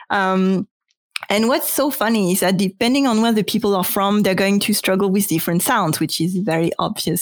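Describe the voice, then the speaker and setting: A woman whose first language is French, a French teacher explaining her views in a thoughtful, unhurried way with frequent ums. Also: mid-range voice, dry recording. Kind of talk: casual panel conversation.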